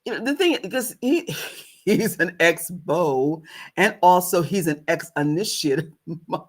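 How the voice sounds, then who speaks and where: A woman's voice: lowish voice, animated, a little slow, breathy edge. A woman spiritual teacher telling a story casually to her online audience, laughing often and stressing points with "okay?" asides.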